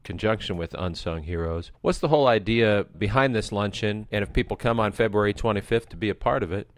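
Low-voiced man interviewing a guest. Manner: measured, prepared questions with context. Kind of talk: broadcast interview questions.

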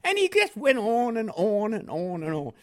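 A man's voice: high voice, huge pitch swings, moderate pace, fairly bright tone. An older man from Panama with a New York accent touched by West Indian inflections, telling his life story in an interview and chuckling often. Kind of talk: oral history storytelling.

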